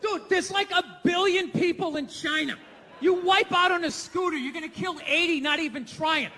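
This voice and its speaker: A male comedian doing a stand-up routine, ranting and swearing, often breaking into shouts. His voice sits very high and sounds bright and forceful. It echoes through a big hall with faint noise behind it. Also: normal speed, a faint crowd. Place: comedy stage, large room.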